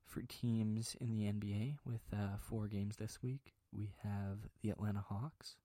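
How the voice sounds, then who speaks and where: A man voicing a calm male public-radio announcer, speaking softly and slowly in a soothing way. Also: fairly low pitch, no room sound, natural voice. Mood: hushed, soothing. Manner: soft, slow, soothing delivery.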